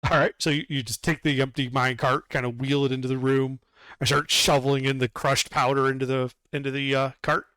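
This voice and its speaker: A man running a tabletop game as game master, describing scenes in a relaxed, rambling way. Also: medium pitch, fairly quick, clean tone, dry recording. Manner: relaxed, rambling, lots of fillers.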